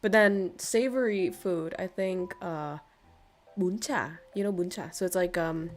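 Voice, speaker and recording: A woman's voice: on the low side, measured pace, soft background music. A woman from Vietnam with an American-tinged accent, chatting casually as a streamer, blunt and playful, swearing and laughing often. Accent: American-influenced English. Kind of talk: casual chat.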